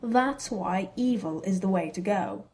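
A woman's voice: medium pitch, measured pace, a little mellow, close to an everyday voice. Woman reader doing a haughty schoolboy rival; condescending drawl. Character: haughty teenage boy rival wizard, snobbish and scornful.

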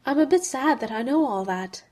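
A woman voicing a shy, wry young adult male wizard in an audiobook reading, soft and self-deprecating. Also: sits high, expressive, normal speed, voice pushed up.

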